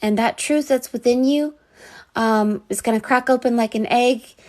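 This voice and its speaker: A woman's voice: a little high, moderate pace, darkish tone. A woman giving a live psychic reading, earnest and rambling, with many fillers and restarts. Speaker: psychic reader.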